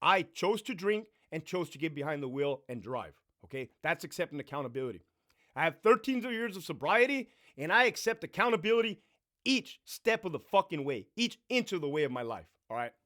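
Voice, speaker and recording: Man, casual storytime rant, swearing, lively pitch, slightly high voice. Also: fairly quick. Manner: profane, animated, swings between loud bursts and low mutters. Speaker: vlogger telling a story.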